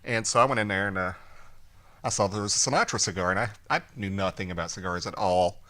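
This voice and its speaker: Bright-voiced male podcast co-host. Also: low-pitched, quick pace. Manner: storytelling with acted quotes and laughter. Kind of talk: casual chat.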